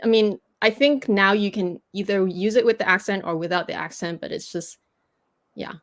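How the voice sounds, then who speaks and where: A woman whose first language is French leads a casual livestream lesson on pronunciation. She explains patiently, circling back with fillers and restarts as she searches for the words. Her pitch sits in an ordinary middle range. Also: normal speed, fairly bright tone. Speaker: host teaching French pronunciation.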